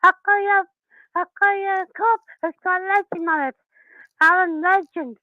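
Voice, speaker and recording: A woman's voice: very high-pitched, fairly even intonation, unhurried, dry recording, phone-quality sound. A woman calling in to a radio phone-in, rambling and repeating herself. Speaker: caller. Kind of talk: phone-in call.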